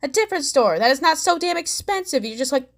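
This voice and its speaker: A woman's voice: high-pitched, animated, fast. A woman hosting a reaction commentary video, chatty and sarcastic, with lots of fillers. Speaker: commentary vlogger.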